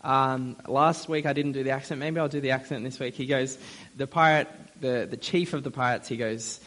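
A man's voice: medium pitch, steady tone, moderate pace, a bit bright. A young man preaching a sermon in a friendly, conversational way, with frequent fillers.

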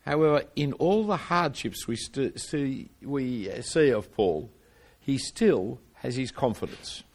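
A man preaching an expository sermon at a middle pitch. He reads scripture aloud and explains it earnestly, often restarting phrases and repeating words as he goes. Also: lively intonation, takes it slowly.

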